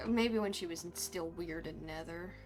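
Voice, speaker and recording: A woman streamer recounting her character's story in a roleplay game, animated and frustrated, swearing freely. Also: fairly low pitch, a little slow, over music.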